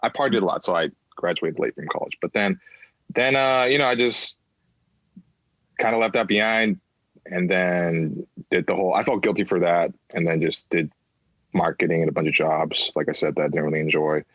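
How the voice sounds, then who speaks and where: A man's voice: low-pitched, normal speed, fairly bright tone, dry recording, highs cut off. A man in his thirties, a podcast guest, telling his personal story candidly, swearing freely and acting out voices of people in it.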